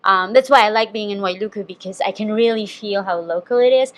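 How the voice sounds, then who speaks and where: A woman's voice: mid-range voice, a little fast. A friendly woman hosts a podcast and owns a donut shop. She is from the Philippines and chats easily, agreeing readily and laughing along with her guest. Her voice sits in a middle range for a woman. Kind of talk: casual podcast chat.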